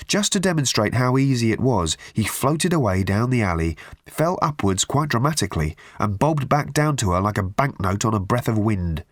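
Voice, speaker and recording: A man narrating an audiobook in a measured, deliberate way with drawn-out pauses. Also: on the low side, big pitch swings, no echo, studio quality. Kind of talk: scripted narration.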